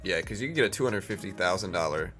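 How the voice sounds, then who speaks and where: A man hosts a live trading stream, talking loosely and filling gaps with "like" and "you know." His voice sits very low. Faint music plays behind him. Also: expressive, quick pace, a bit bright. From South Louisiana. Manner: rambling, filler-heavy, calls viewers bro and dude. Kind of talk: casual live-stream chat.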